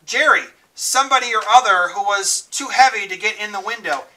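A man teacher reading a novel aloud to a class in a plain, unhurried way, stumbling now and then. He is heard from some distance away from the mic. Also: sits high, sharp tone.

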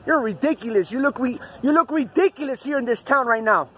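A man's voice: extremely high pitch, animated, a little fast, fairly bright tone, slight background noise. A man livestreaming outdoors at night on his phone, arguing with a deputy in a profane, repetitive way. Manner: argumentative, profane, repeats himself. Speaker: cop-watching livestreamer. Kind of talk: confrontational livestream filming. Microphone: phone he films with.

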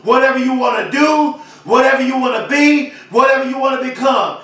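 A man giving a fiery, repetitive motivational speech, often shouting. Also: very high-pitched, brisk, heavy reverb, recorded from a distance. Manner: fiery, emphatic preaching cadence with repetition. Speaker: motivational speaker.

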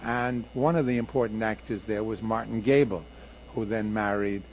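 A man's voice: on the low side, steady tone, moderate pace. An older man, a radio producer, telling stories emphatically in an interview. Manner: emphatic, passionate storyteller. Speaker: radio producer and director, guest. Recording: muffled archival radio interview with faint hiss.

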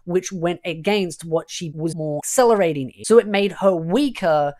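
A woman with a somewhat low voice talks through her review in a casual, chatty way. She is emphatic and leans on the same stock phrases again and again. She gets easily exasperated about the characters. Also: moderate pace, a little mellow. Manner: chatty and emphatic, leaning on "of course" and "definitely". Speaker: light novel reviewer.

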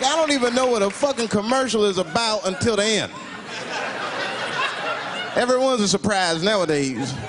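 A man performing a stand-up comedy set on a club stage, telling stories in an animated way and shouting his punchlines. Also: high-pitched. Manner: animated storytelling with shouted punchlines and put-on voices. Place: comedy club stage before a live audience. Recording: loud laughing crowd and heavy room noise.

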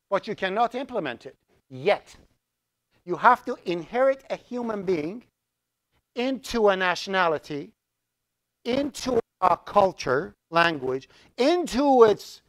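A middle-aged man who grew up speaking Azerbaijani, teaching a college programming class in a lively, joking way and putting questions to the students. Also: high voice, a little slow. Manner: lively, asks the class questions, jokes around. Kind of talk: live classroom lecture.

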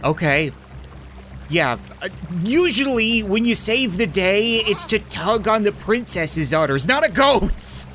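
A man's voice: sits high, takes it slowly, faint music behind. Guy cracking dirty jokes over a game, voice bouncing up and down. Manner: crude joking, animated. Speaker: gaming YouTuber. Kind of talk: comedic gameplay commentary.

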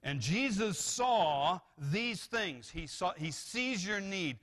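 Male pastor, sermon delivery; bright, slightly high voice, animated, restarts phrases. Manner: animated preaching with rises and repeated restarts. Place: church sanctuary.

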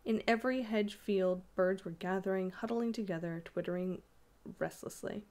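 A woman reading a classic ghost story aloud, measured, with small slips and restarts along the way. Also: mid-range voice, a little mellow. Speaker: audiobook reader.

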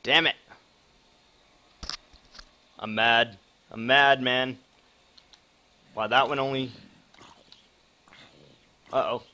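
Excitable swearing young man streaming a game. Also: medium pitch, extremely slow, pauses often. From Wisconsin. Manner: excitable, swears a lot, talks to chat. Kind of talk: live gameplay commentary.

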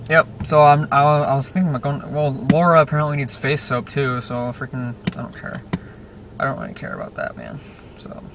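A young man in his late teens talks from inside a parked car at an ordinary, mid-range pitch. He rambles from one thought to the next, full of fillers, "dude" and "freaking." Car and road noise comes through clearly behind his voice. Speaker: vlogger. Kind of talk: casual rambling vlog talk.

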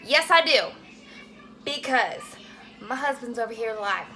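A young woman talking casually while cooking at home, animated and swearing freely as she asks her viewers "okay?" all the time. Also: fairly high pitch, moderate pace, long pauses, a little hiss or hum, low-quality recording. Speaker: cooking vlogger. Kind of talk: casual chatty cooking vlog.

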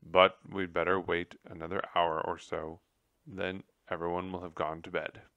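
Tum Tum, a man voicing a calm mouse husband. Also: deep voice, moderate pace, dry recording, muffled recording. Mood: firm. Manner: calm and steady, mildly firm. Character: placid, comfortable male mouse husband.

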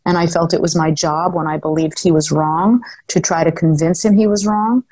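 A woman's voice: fairly low pitch, steady tone, normal speed, dark tone, dry recording, rough recording. An older woman telling a story in a podcast interview, articulate and emphatic, speaking self-assuredly into a close mic. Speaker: guest, former sports executive.

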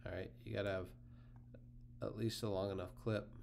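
A man hosting a casual software tutorial, talking through the steps relaxed and thinking aloud as he clicks. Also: fairly low pitch, normal speed, creaky, slight background noise. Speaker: tutorial host.

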